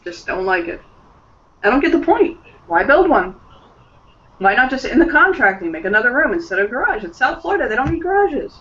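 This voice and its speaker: A man's voice: extremely high pitch, sing-song, a little fast, pushed and bright. A man playing in an online tabletop role-play, who describes his character with many fillers and laughs often. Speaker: player. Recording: muffled voice chat from a distance.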